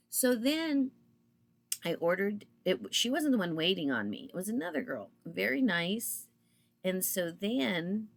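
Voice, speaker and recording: A woman's voice: mid-range voice, a bit bright. A woman in her fifties telling a story in a casual, chatty monologue, acting out both sides of the conversations as she goes. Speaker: vlogger.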